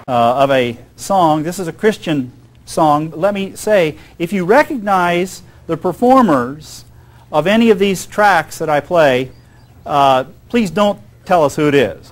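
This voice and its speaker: A man giving a music lecture to an audience, rambling and often checking in with the listeners. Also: on the high side. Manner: rambling, keeps checking in with "okay?" and "you know".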